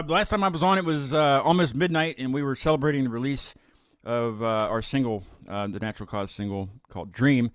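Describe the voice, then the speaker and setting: A man's voice: mid-range voice, brisk, clean tone, no room sound, studio quality. Rambling, chatty male talk-show host. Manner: rambling, chatty, many restarts and fillers. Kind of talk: casual live-stream chat.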